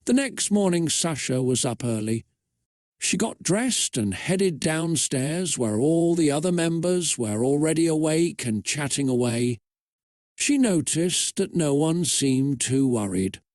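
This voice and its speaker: A man reads absurd fan fiction aloud in a steady, matter-of-fact narrating voice that sits slightly high for a man. The recording is dry and close, with no room sound around it. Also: dry recording. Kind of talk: comedic reading of AI fan fiction.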